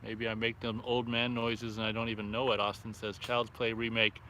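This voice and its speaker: A man's voice: lowish voice, little pitch movement, moderate pace, pushed and bright, a little hiss or hum. A man hosting a casual live stream outdoors by a fire at night, reading viewer comments aloud and reacting offhandedly. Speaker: livestream host reading chat.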